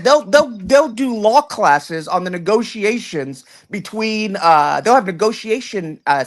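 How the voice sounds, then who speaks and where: A man in casual talk-show chat, rambling through long points with frequent restarts and repeated words. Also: fairly bright tone. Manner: rambling, many restarts, swinging pitch when stressing points.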